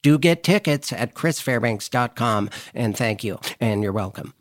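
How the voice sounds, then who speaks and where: A man's voice: medium pitch, animated, normal speed. A man co-hosting a casual chat from inside a car, joking and teasing in easygoing banter. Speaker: podcast co-host and stand-up comedian.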